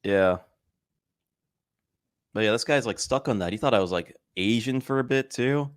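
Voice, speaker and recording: A young man co-hosting a podcast in casual chat, with dry, deadpan remarks. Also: medium pitch, moderate pace, no echo. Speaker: podcast co-host.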